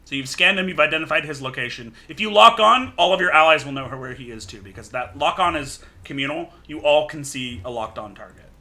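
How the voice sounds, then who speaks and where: Bright-voiced laid-back male game master. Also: on the high side, a little fast, hardly any pauses. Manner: loose, laughing, filler-heavy narration. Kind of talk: narrating a tabletop game.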